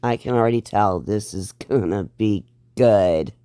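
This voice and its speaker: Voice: low voice, measured pace, warm tone, clear, resonant tone, no echo, clean studio sound. A reaction channel host giving blunt, sarcastic and profane commentary on a clip.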